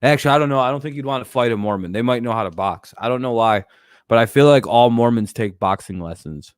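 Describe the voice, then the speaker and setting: A man hosting a loose sports talk stream in a dry, close sound. He rambles, restarts his sentences and swears freely while joking about players. His pitch sits at an ordinary middle level. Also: fast talker, clean tone, no echo. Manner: frequent fillers and restarts. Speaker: host.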